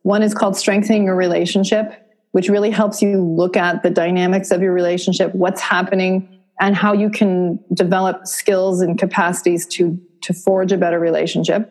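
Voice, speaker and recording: A woman from Vermont, a therapist, explaining her courses to an interviewer in a steady, explanatory way. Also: lowish voice, a little fast. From Vermont, USA. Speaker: therapist and course creator, guest. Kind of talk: interview answers.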